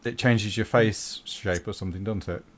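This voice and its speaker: Brisk man running a tabletop game. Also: lowish voice. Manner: brisk, laughs along with players. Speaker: game master. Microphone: online voice call.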